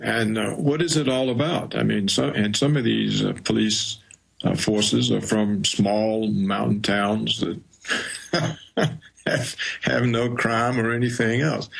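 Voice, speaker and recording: An older man, a guest speaking over a video call, slow and hesitant with many fillers. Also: on the low side, creaky, husky, poor audio.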